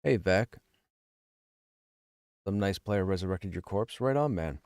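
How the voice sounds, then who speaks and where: A man's voice: low-pitched, lively intonation, a little slow, darkish tone, no echo, clean studio sound. A man live-streaming a game, chatting casually and joking with his viewers. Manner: chatty, joking, self-deprecating. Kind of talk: casual live-stream chat while gaming.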